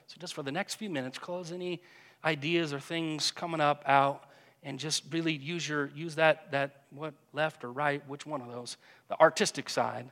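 Man guiding prayer in a reverberant church. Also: a little high. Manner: gentle, hesitant, repeats words. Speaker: pastor. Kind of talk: guided prayer meditation. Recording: long reverb of a church hall.

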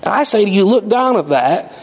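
A man preaching a sermon as pastor, emphatic and animated, asking the congregation rhetorical questions. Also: sits high, a little fast, slight background noise. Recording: long hall reverb.

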